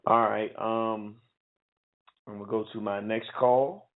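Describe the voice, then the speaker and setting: A man hosting a call-in radio show, talking to callers in a calm, plain-spoken way. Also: fairly low pitch, takes it slowly, phone-quality sound. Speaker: radio host.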